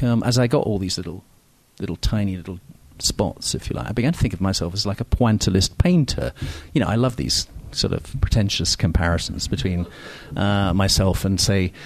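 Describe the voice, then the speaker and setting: In a voice on the low side, a novelist guest rambles through anecdotes during a casual interview. He is self-deprecating, says um a lot and often restarts, and the recording sounds dry.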